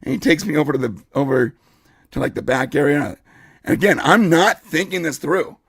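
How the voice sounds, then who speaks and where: A man with a high voice and a gravelly edge tells a story on a podcast, casual and animated, slipping into the voices of the people in it. The sound is dry and close, with no room around it. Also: moderate pace, dry recording. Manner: animated, acts out quotes. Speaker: podcast co-host.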